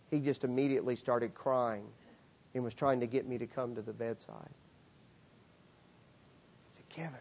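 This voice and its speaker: A man's voice: mid-range voice, a little mellow, muffled recording. A man preaching a sermon, earnest and emphatic, repeating key phrases for weight. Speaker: pastor.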